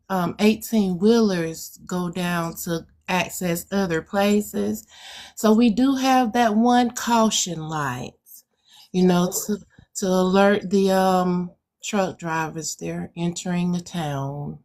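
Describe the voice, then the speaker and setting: A woman's voice: mid-range voice, a little mellow. A woman from Alabama with a rural Alabama accent, a guest poet talking through her answers in a reflective way with many hesitant fillers. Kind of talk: casual interview chat.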